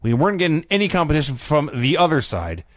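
A man reading out the lines of a boastful male wrestling manager, in a lively voice. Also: fairly high pitch, fast, no room sound.

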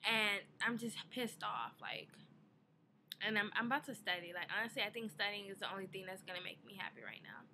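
A woman's voice: mid-range voice, animated, a little fast, bright, forceful tone, slight background noise. A young woman in a casual vlog, telling an exasperated story about her day with a lot of swearing. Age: young adult. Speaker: vlogger.

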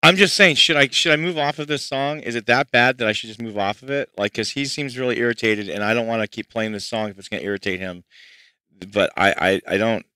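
A man's voice: mid-range voice, quick pace, bright, forceful tone, clean tone, no echo. A man chatting to his livestream audience while mixing music at home, frustrated and rambling as he works through problems. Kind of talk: casual livestream chat. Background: faint music playback.

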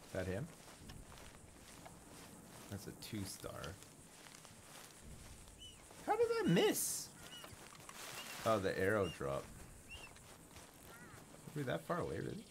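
A man's voice: fairly low pitch, wildly swooping pitch, unhurried, long pauses. Wry swearing male game streamer. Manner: wry, muttering, swears freely. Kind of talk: casual live gameplay commentary. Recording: streaming mic with clear noise.

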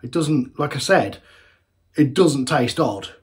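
A man's voice: medium pitch, animated, slow pace. A man in a casual beer-tasting vlog, chatty and rambling, often correcting himself mid-sentence. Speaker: homebrewer reviewing beers.

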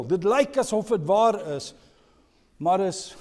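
A man delivers a sermon at an unhurried pace, his voice mellow and somewhat high. He moves between hushed, drawn-out phrases and loud emphatic lines. The sound carries the long reverb of a church hall. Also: very animated. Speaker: pastor.

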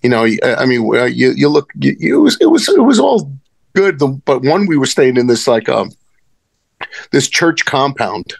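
A man's voice: medium pitch, big pitch swings, normal speed, vocal fry, dry recording. A man telling rambling, profane stories as a wrestling guest in casual conversation. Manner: rambling, profane, many restarts. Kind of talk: casual storytelling.

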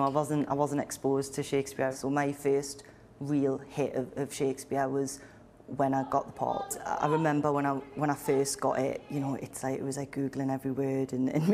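Geordie woman, flat chatty voice. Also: very deep voice, fairly quick, a little hiss or hum. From Newcastle, England. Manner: chatty, lots of ums, laughing. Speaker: actor. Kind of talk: interview.

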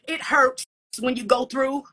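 Woman preacher, high bright voice, fervent sermon delivery with whispered asides. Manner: breathy whispered asides, repeated "come on" and "hallelujah".

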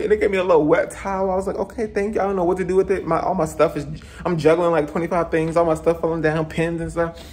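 A man's voice: fairly high pitch, slight background noise. A man giving a casual, gushing vlog tour of a hotel room, chatting to viewers and exclaiming over every detail. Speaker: travel vlogger.

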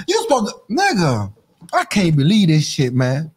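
A man with a husky voice tears into the news in a comedic podcast rant. His pitch swings widely as he mocks, laughs and repeats catchphrases over and over. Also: big pitch swings, a little fast. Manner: loud, mocking, repeats phrases, laughs a lot. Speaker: podcast host.

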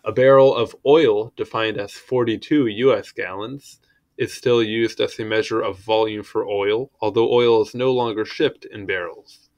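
A man's voice: lowish voice, fairly even intonation, normal speed, darkish tone. A man reading an encyclopedia article aloud in a casual way, stumbling over words and adding offhand asides. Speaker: article reader.

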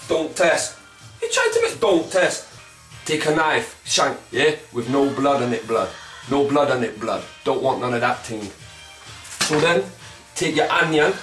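A man hosting a comic cooking demonstration in swaggering street slang, with a pitch that keeps jumping around. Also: fairly bright tone. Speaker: comic cooking show host. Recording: echoey room, mic at a distance, faint music.

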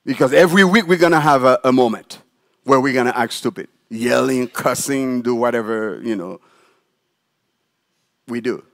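A male pastor preaches in a church sanctuary, mid-pitched and animated. He demonstrates with a prop and checks in with the congregation as he goes. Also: normal speed, creaky, pauses often. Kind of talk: sermon.

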